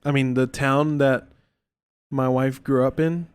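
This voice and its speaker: An easygoing man from north central Texas co-hosts a podcast. He chats agreeably in a casual, friendly back-and-forth, his pitch in an ordinary middle range. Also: steady tone, a little slow, clean tone, no echo. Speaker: podcast co-host. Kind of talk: casual chat.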